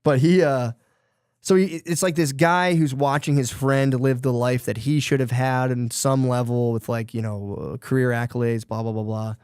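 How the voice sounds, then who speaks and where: A man's voice: mid-range voice, fairly even intonation, normal speed, darkish tone, smooth, no room sound, studio quality. A man hosting a podcast, casually and loosely retelling a book's plot with lots of swearing. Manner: loose, rambling retelling of a book plot, with profanity. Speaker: podcast host. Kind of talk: casual chat.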